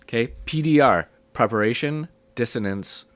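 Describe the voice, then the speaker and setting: A young man with a sick, hoarse voice, casually teaching a music theory lesson step by step. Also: medium pitch, normal speed, no echo. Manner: relaxed, explaining step by step with fillers.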